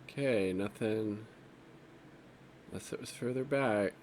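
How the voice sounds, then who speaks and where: A man's voice: fairly low pitch, slow, darkish tone, slight background noise. A man giving casual off-the-cuff political commentary while browsing social media, rambling and profane, with an exasperated edge.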